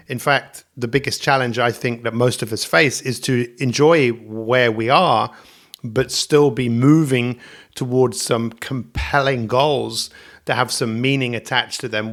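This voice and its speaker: A man hosting his own motivational podcast about coaching, talking alone in an energetic, upbeat way and repeating catchphrases. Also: mid-range voice. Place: indoors at home, coffee in front of him.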